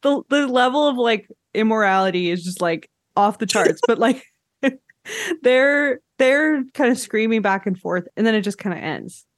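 A woman's voice: a little high, animated, unhurried, dry recording. Woman podcast host from Canada, chatty, laughs a lot, dry close mic. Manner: chatty, laughs often, many "like" fillers. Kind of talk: casual chat.

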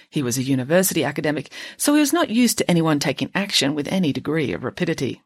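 A woman narrating a storybook aloud, with relaxed conversational asides. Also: low voice, fast, hardly any pauses, breathy edge, no room sound, clean studio sound. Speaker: audiobook reader.

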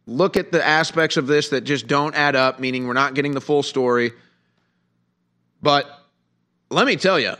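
A man's voice: fairly high pitch, sharp tone. A middle-aged man hosting a heated political commentary show, sarcastic and full of rhetorical questions.

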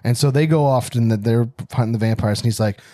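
A man's voice: fast, warm tone, no echo. Man, podcast co-host, casual movie recap, playful character mimicry, dry close mic. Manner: playful, mimics characters with sudden pitch jumps.

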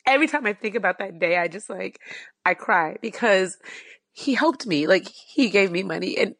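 A woman's voice: medium pitch, animated, fairly bright tone, dry recording, clean studio sound. Earnest woman telling a personal story. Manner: earnest, fast-flowing, filler-heavy with "like". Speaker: guest.

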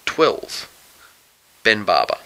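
Male co-host, sharp bright timbre, deadpan sarcastic delivery. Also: extremely slow, poor audio. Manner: dry, sarcastic quips. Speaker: podcast co-host. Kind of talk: casual sports chat.

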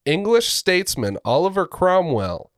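A man with a notably high speaking voice chats casually on a podcast. He tells trivia in a joking way and often breaks into laughter. The sound is close and dry. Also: big pitch swings, a little slow, dry recording. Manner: jokey, laughs often while telling trivia. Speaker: podcast co-host. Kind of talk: casual chat.

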